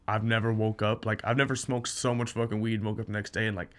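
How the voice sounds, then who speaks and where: A man's voice: lowish voice, level tone, quick pace. A young man in casual chat, telling a story with laughs and acted-out quotes.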